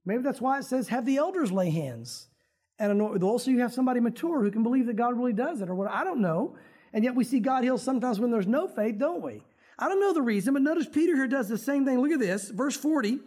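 A man's voice: very high voice, expressive, fast talker, darkish tone. A male pastor delivering a sermon in a loose, conversational way. He talks to the congregation like old friends and slips into dramatic prayer voices to make his points.

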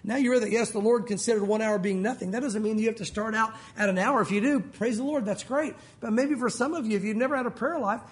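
A man preaching a sermon as pastor, animated and earnest, his voice rising and falling. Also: very high-pitched, fast, hardly any pauses.

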